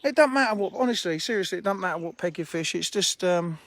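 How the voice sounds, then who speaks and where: Live-streaming from his phone at a fishing lake, a man who owns the fishery chats and laughs over viewers' comments. He's fast and expressive, with a high, fairly bright voice and no echo, while faint outdoor noise and birdsong drift in.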